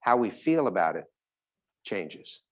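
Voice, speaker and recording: A man speaking as a motivational speaker, telling stories to a live audience, asking it questions and slowing down on key points. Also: fairly low pitch, very animated.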